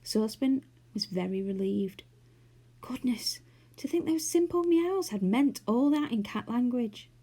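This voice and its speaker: A woman's voice: on the high side, expressive, measured pace, mellow. A woman with an English accent reading a children's novel aloud, doing character voices. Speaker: storyteller.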